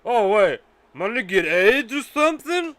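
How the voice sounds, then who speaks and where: A man's voice: sits high, very animated, moderate pace, fairly bright tone, no room sound, voice pushed up. A man putting on the voice of a drunk middle-aged man making mocking, bigoted remarks. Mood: sneering.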